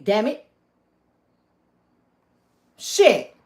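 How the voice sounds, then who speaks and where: Heated high-voiced woman ranting to viewers. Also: sing-song, slow, long pauses, fairly bright tone. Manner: heated, emphatic, addresses viewers as y'all. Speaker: channel host. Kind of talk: angry vlog rant to viewers.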